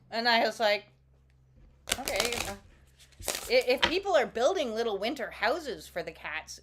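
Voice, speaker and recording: A woman with a somewhat high voice chats loosely to her viewers on a live stream, rambling from one thought to the next. Her talk is playful and warm-hearted, with the occasional casual swear word dropped in. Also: very animated, slow, pauses often, background noise. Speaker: oracle card reader hosting a live stream. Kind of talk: casual livestream chat.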